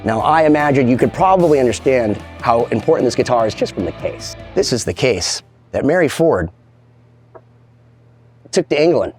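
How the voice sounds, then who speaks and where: A man's voice: mid-range voice, expressive, moderate pace, a little mellow. A guitar collector telling a story with enthusiasm as he builds to a reveal.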